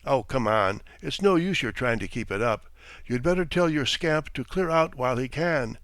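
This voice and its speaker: A man's voice: mid-range voice, animated, normal speed, fairly bright tone, dry recording. Man doing a brusque husband, curt, mocking, dry sound. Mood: stern. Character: brusque, teasing middle-aged official husband.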